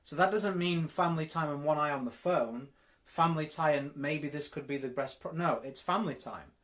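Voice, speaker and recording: A man's voice: on the high side, moderate pace, a bit bright. Emphatic Yorkshire man coaching live. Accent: Yorkshire English. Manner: direct, emphatic, repeats words for stress. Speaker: network marketing coach. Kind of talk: live-streamed coaching talk.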